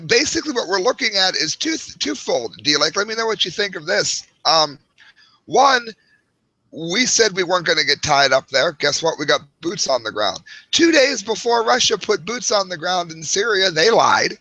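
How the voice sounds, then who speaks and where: A man in his forties co-hosting a casual talk show, animated and rambling. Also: high-pitched, normal speed, dry recording, low-quality recording. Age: 40s. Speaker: co-host.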